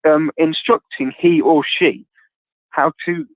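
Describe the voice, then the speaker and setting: Male guest, high lively voice, opinionated rant, tinny phone-like line. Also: slow pace, no echo. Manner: ranting, opinionated. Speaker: chat guest. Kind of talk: casual chat.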